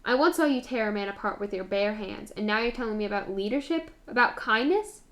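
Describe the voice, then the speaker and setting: A woman voicing a bitter, hurt immortal male warrior in a read-aloud story, speaking in a sharp, reproachful way. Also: mid-range voice, lively intonation, fairly quick, close to an everyday voice. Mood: accusing.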